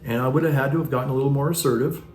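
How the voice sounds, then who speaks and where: A man's voice: medium pitch, steady tone, racing, a little mellow. Rambling male parish priest, roomy echo. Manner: rambling storytelling with many restarts. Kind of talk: casual reflective monologue. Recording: roomy echo with faint music.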